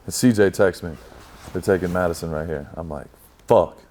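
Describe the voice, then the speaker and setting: A man's voice: sits low, fairly quick, a little hiss or hum. A young man telling a story as a guest in a casual chat, swearing freely and acting out his own past lines. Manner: profane, animated storyteller.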